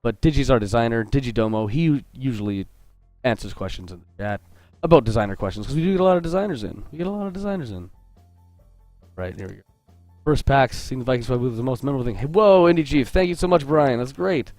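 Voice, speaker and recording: On his live drawing stream, a game artist talks quickly and expressively, joking, greeting viewers and breaking into his own sentences. His mid-range voice is a little mellow, the recording is free of room sound, and soft music plays in the background.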